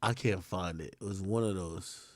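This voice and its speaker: A young man hosting a livestream, ranting bluntly and swearing, dropping to mumbles and then rising to shouts. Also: deep voice, moderate pace, no room sound. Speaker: livestream host. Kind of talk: casual livestream rant.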